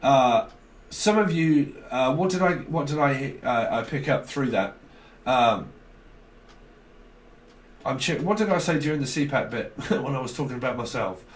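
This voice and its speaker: A man's voice: medium pitch, expressive, unhurried, pauses often, a little hiss or hum. Chatty, echoey man reading tarot. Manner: rambling, swearing, loose and chatty. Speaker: tarot reader. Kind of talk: casual rambling tarot reading.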